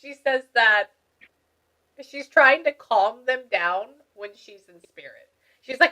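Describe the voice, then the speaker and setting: A woman working as a spiritual medium who talks excitedly with a client, laughs often and relays what a spirit tells her. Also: on the high side, unhurried, long pauses, lo-fi sound. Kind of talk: reading session for a client.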